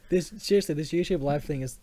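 A man's voice: on the high side, mellow. Young Australian man, laughs a lot. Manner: joking, laughs often. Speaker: stream host. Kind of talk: casual live-stream chat.

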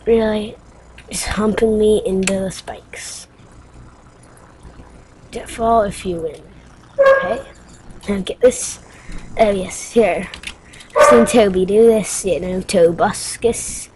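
A woman's voice: medium pitch, takes it slowly, pauses often, a little mellow, a little hiss or hum, low-quality recording. A woman giving let's play commentary, rambling and mocking herself, with sudden yelps and screams. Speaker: game player.

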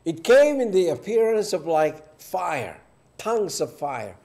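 A man's voice: high voice, big pitch swings, creaky, darkish tone. A man preaching a sermon in a church, reading scripture aloud and stressing key words with emphasis. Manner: deliberate, emphatic, with swelling stresses.

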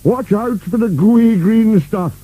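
A man voicing a fussy, fretful male creature who moans and frets slowly. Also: medium pitch, lively intonation, narrow, tinny audio. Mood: worried. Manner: fretful, fussy, slow and moaning.

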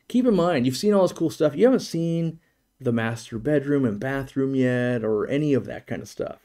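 A man's voice: medium pitch, warm tone. A man hosting a live stream, giving a casual, joking commentary on a virtual home tour and thinking aloud with many restarts.

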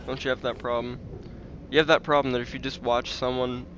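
A man's voice: mid-range voice, flat delivery, brisk, lo-fi sound, noisy background. Rambling man commenting on gameplay. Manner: rambling, chatty with many fillers. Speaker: let's play host.

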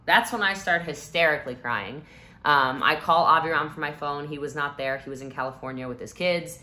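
A woman in her thirties telling a personal story to the camera in an animated, expressive way, swinging from hushed to loud. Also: low voice, fairly quick. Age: 30s. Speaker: vlogger.

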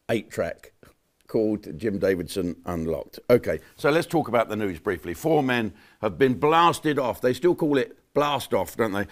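A middle-aged man doing a brash, mocking comic monologue, swinging from loud jokes to muttered asides. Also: mid-range voice. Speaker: comedian hosting his own channel.

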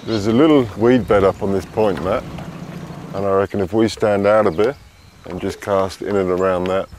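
A man's voice: deep voice, normal speed. A man with an English accent, a fishing guide from near London, chatting in a laid-back way on a boat. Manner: laid-back, says "mate" a lot. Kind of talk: casual chat. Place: outdoors on a small boat on a lake. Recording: outdoor ambient noise.

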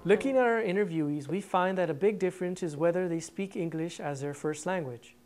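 A woman narrates a documentary from a script, explaining points in an even, steady read. Her voice sits slightly low for a woman. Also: fairly quick, faint music behind.

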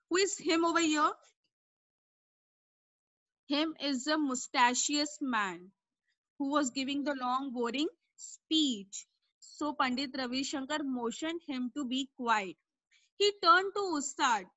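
Woman teaching a lesson, high voice, slow and careful, dry close sound. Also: sharp tone, no room sound, rough recording. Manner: explains word meanings patiently, repeating herself. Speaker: English teacher. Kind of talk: online class lesson explaining a story.

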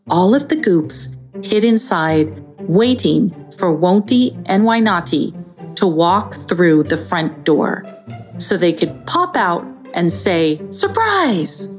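A woman narrating a children's story in an expressive, storytelling manner. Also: on the low side.

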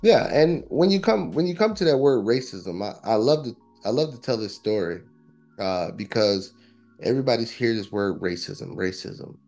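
A man, a property investor, telling a story in a relaxed, informal way and often repeating phrases. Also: medium pitch, moderate pace, muffled recording, soft background music. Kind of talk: casual storytelling interview.

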